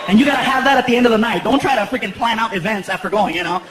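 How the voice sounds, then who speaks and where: A man performing a stand-up comedy set in a theater, telling animated stories and acting out other people's voices for laughs. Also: high voice, very fast, a loud crowd. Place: large theater stage before a live audience. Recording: live theater with loud audience laughter and room echo.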